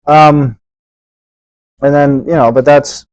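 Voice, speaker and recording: A man in casual podcast chat, speaking bluntly and acting out quoted thugs in lively put-on voices. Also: medium pitch, brisk, dry recording, low-quality recording. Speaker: podcast co-host.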